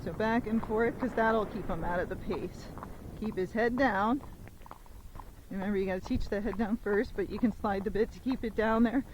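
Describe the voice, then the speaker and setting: A woman riding along a rainy road, recorded on a phone mic as she goes, talking through each move in a relaxed, chatty teaching voice. She counts the footfalls aloud, one-two-three-four, in an even rhythm. A faint wash of background noise sits under her mid-range voice. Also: medium pitch, fairly quick, hardly any pauses, poor audio. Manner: counts the gait beats aloud in a steady rhythm; casual and chatty, explaining each step. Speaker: gaited horse trainer. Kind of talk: instructional commentary while riding. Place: outdoors on horseback on a road in the rain.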